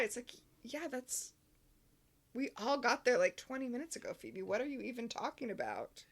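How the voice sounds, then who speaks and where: A woman with a somewhat high voice co-hosts a casual recap podcast. She talks through the episode with a dry, sarcastic edge and easy chatter. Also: lively intonation, normal speed. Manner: wry, sarcastic. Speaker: podcast co-host.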